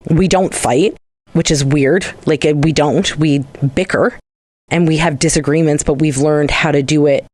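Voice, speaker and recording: A woman's voice: low voice, steady tone, moderate pace, a little mellow, dry recording. A young adult woman, co-hosting a casual podcast chat, rambling through stories and swearing freely. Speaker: podcast co-host.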